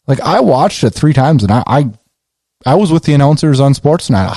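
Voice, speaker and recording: A man talks through a game recap in a casual, conversational way and gets worked up as he recounts his reactions. His voice is warm and mellow. It is recorded dry, with no room sound. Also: on the high side, fairly quick, no echo. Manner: excitable, conversational, retells his own reactions. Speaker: podcast host.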